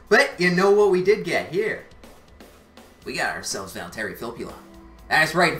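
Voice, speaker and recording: A woman from Canada, hosting her channel and excitedly commentating a card pack opening, often repeating her exclamations. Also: medium pitch. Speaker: channel host. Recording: roomy echo, faint music behind.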